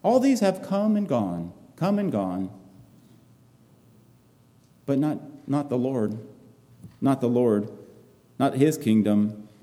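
A man preaching a sermon, reading scripture aloud and expounding it in earnest, repetitive, halting phrases. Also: mid-range voice, very animated, mellow, long reverb tail.

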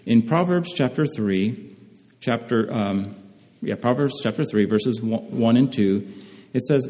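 A man preaching a sermon, reading scripture slowly and measuredly, often pausing and restarting phrases. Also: medium pitch, dark tone. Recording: reverberant hall.

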